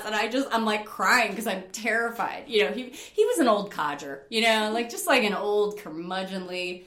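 A middle-aged woman from upstate New York telling stories in a casual interview, animated, laughing often and using lots of fillers. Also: medium pitch, moderate pace, few pauses, roomy sound. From Rochester, New York. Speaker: interview guest, rock climber.

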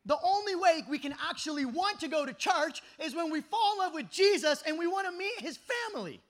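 A man in his thirties preaching an energetic youth sermon at a camp meeting, telling stories that swing from shouting to hushed. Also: extremely high pitch, fairly quick. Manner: animated storytelling, shifts from shouting to hushed.

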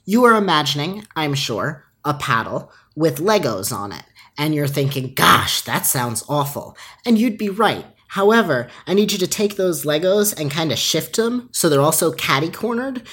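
Husky, very low-voiced woman telling stories. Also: normal speed, hardly any pauses. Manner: animated storytelling, laughs often, acts out quotes. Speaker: podcast co-host. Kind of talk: casual podcast chat.

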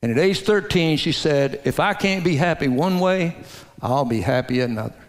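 A man preaching a sermon, telling a story in a folksy way and dropping to a hushed low voice to stress his points. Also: expressive, moderate pace. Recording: long hall reverb.

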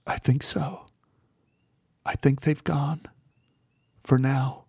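A frightened, fragile young woman, as a male narrator puts her on, her voice lifted high and pleading through tears. The storybook reading sounds close and dry, with no room around it. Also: moderate pace, vocal fry, a little mellow, no echo. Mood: shaken. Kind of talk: audiobook character voice.

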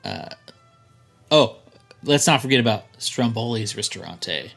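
A man co-hosting a podcast in casual chat, relaxed and rambling. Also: fairly low pitch, a little slow, vocal fry, husky, soft background music. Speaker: podcast co-host.

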